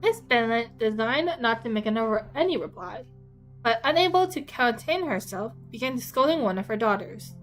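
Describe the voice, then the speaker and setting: Woman reading aloud over soft music. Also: fairly high pitch, moderate pace, rough recording. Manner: quiet, steady reading. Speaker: reader, streamer. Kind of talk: live read-aloud.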